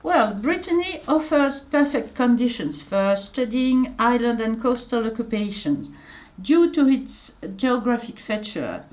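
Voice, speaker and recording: A middle-aged woman with a French accent, speaking English as a second language while giving a conference lecture, careful and hesitant with many pauses. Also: on the high side, expressive, darkish tone. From France. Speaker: archaeologist giving a conference talk.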